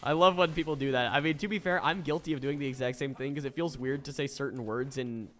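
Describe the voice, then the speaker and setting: A man's voice: mid-range voice, quick pace, fairly bright tone, a little hiss or hum. A young man from Florida, chatting casually on a stream, swearing a lot and laughing often. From Florida, USA.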